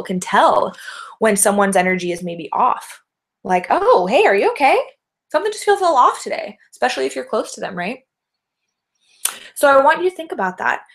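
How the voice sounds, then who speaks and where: Gravelly-voiced woman coaching on leadership. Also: medium pitch. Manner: encouraging, asks many rhetorical questions with tag "right?". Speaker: life coach. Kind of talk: talking to camera in a webinar.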